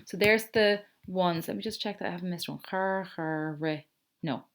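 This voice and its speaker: A woman teacher with an Irish accent patiently explains things step by step in a recorded screen-share lesson, correcting herself as she goes. Her voice is fairly low and moves at a normal speed.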